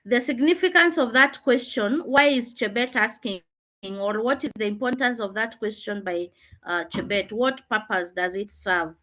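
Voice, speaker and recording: A woman's voice: fairly high pitch, moderate pace, fairly bright tone. Woman teacher leading an online lesson. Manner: explains rules, asks students questions.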